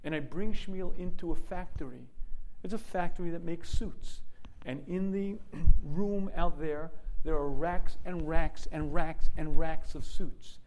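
A man with a high but mellow voice teaching a religious lesson through lively stories. He clears his throat often as he talks, and a faint hum sits behind him. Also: a little slow, low-quality recording. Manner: frequent throat clearing, vivid storytelling.

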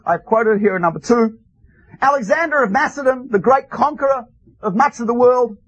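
A man teaching a class, telling stories with lively, wry asides. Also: very high-pitched, breathy edge, dry recording, dull audio. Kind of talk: storytelling lecture.

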